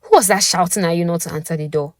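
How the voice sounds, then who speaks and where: A woman's voice: fairly low pitch, quick pace, dry recording, studio quality, natural voice. A woman voicing a hurt young boyfriend who questions coldly. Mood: demanding. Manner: interrogating, cold.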